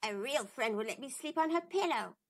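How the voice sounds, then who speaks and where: A woman voicing a small persistent talking frog in a storybook, adding croaks to his lines. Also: high-pitched, expressive, fairly quick. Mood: insistent. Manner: croaks "ribbit" between lines.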